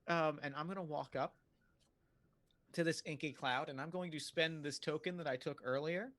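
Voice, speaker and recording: A man's voice: fairly high pitch, fairly even intonation, moderate pace, a bit bright, no room sound. A man playing a tabletop game, describing his character in a rambling, hesitant way. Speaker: player. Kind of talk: casual tabletop play.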